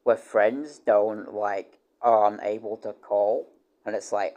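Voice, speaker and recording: A man's voice: slow, muffled recording. A man livestreaming in a casual rambling chat. He swears freely and keeps stopping and restarting his sentences. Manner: rambling, full of restarts and repeated words; animated, with loud excited jumps in pitch.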